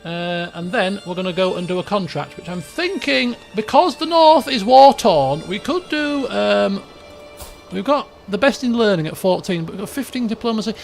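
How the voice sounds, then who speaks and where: A man with a fairly high voice narrates a strategy game as a roleplay story. He is chatty and rambling, slips between reading story text and offhand asides, and trips over his words. Faint music runs underneath. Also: expressive, normal speed, creaky. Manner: chatty, rambling, often restarts and chuckles. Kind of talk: casual let's-play roleplay narration.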